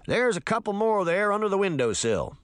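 A man's voice: high voice, very animated, a little fast, clean tone, no room sound, clean studio sound, pitched above the performer's own voice. Man doing a timid portly sheriff. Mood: plodding. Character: portly, timid male small-town sheriff.

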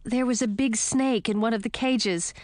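A woman's voice: a little high, steady tone, normal speed, a little mellow, no room sound, clean studio sound, close to an everyday voice. A woman doing an eager young frog girl. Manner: eager, wide-eyed questions.

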